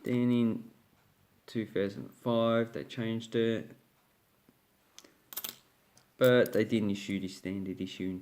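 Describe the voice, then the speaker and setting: Man, Australian accent, lowish pitch, casual rambling talk, uh fillers, self-corrections. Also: fairly even intonation, slow pace, pauses often, darkish tone. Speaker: coin collecting channel host. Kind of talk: casual coin collecting talk.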